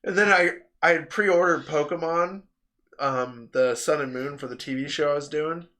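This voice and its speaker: A man's voice: a little high, moderate pace, sharp tone. A man hosting a casual podcast chat, telling workplace stories with swearing and acted-out quotes. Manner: storytelling, swears, acts out quotes. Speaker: podcast host.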